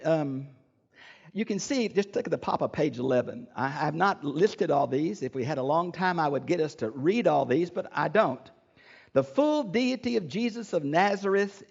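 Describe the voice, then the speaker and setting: A man's voice: a little high, creaky, highs cut off. An older man giving an earnest, emphatic Bible lecture as a teacher, often restarting his phrases.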